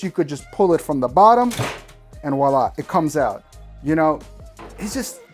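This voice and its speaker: Casting: New male tech reviewer, slangy, ranting, slightly high voice, faint music under him. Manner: slangy, emphatic, animated ranting. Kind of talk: casual hands-on product review.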